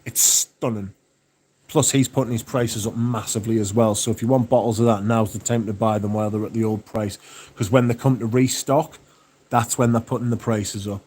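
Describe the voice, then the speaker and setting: A man's voice: fairly low pitch, a little fast, breathy edge. Sweary man chatting on a livestream. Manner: relaxed, sweary, chatty, enthusiastic. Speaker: livestream host. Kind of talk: casual livestream chat reading viewer comments.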